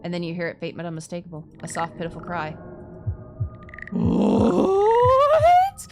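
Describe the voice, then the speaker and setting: A woman streamer reading a horror game aloud, breaking off into loud, startled reactions. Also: lowish voice, completely flat delivery, racing. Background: music.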